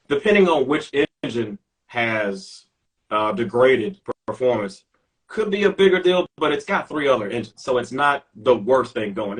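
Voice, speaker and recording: A man's voice: lowish voice, fairly bright tone, rough recording. A middle-aged man from Memphis, an airline captain talking carefully and precisely in a casual interview. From Memphis, Tennessee. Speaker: airline captain, retired Navy officer. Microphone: video call.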